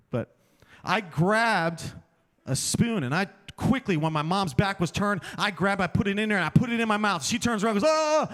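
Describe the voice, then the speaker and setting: A man's voice: high-pitched, fairly bright tone. A man giving a chapel sermon in a conversational, storytelling way, often putting questions to the audience. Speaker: chapel speaker.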